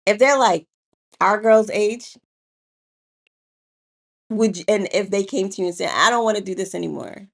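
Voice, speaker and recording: A woman in her thirties talks through parenting in an easy, animated way, laughing often and dropping slang. Her voice sits at a middle pitch with a noticeable gravelly fry at the ends of phrases. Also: normal speed, long pauses. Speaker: podcast co-host, parent. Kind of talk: casual conversation.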